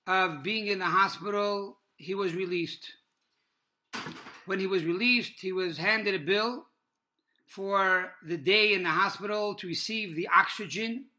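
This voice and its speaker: A man teaching a Torah class in a sermon style, telling stories at a measured pace with pauses, fillers and Hebrew religious terms. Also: sits high, pushed and bright.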